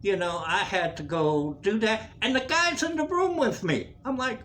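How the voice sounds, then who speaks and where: A man's voice: high-pitched, animated, moderate pace, few pauses, fairly bright tone, slight background noise. A man telling a profane story in a casual rant, laughing often as he goes. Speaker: vlogger.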